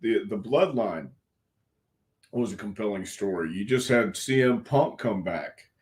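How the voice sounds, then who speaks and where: Low-voiced older man telling stories. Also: lively intonation, unhurried, a little mellow. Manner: frank, folksy, earnest, with some cussing. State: clearing a frog in his throat. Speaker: wrestling coach, interview guest. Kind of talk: casual storytelling interview.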